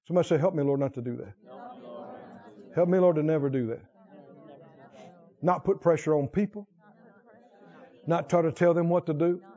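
A man preaching a sermon in call-and-response style, repeating lines and swinging from hushed to loud. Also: fairly high pitch, moderate pace, long pauses. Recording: dull lo-fi recording.

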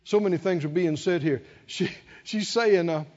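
A pastor preaching a sermon, calling on the congregation to answer and swinging from hushed lows to loud peaks. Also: male voice, normal speed. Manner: call-and-response preaching, swinging from low hush to loud. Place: church sanctuary. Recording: dull lo-fi sound in a reverberant church.

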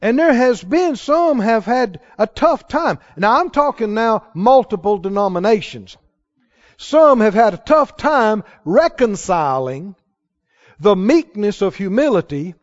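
A man with a very high voice preaches with lively, swinging pitch. He keeps asking his congregation questions. The recording sounds dull and lo-fi. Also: measured pace. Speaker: pastor. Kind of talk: sermon.

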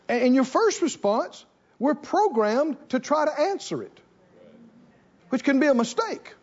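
A man preaching a sermon to a congregation, animated and repeating phrases for emphasis. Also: very high-pitched, a little fast, muffled recording. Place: church in front of a congregation.

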